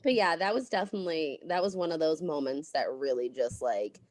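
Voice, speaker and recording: A woman's voice: deep voice, a little fast, a little mellow, no room sound. A woman in her thirties, a podcast guest telling her story bluntly and candidly, swearing freely.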